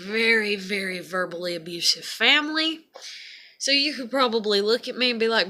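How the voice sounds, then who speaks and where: A woman's voice: mid-range voice, animated, normal speed, bright, forceful tone. A woman talking casually to camera in a confessional vlog, rambling with lots of fillers and swearing. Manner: rambling, profane, many fillers. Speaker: vlogger.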